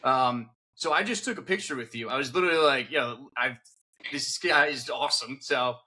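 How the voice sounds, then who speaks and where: Bright-voiced young New podcast host. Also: male voice, medium pitch, normal speed, husky. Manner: loose, swearing, enthusiastic host. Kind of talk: casual chat.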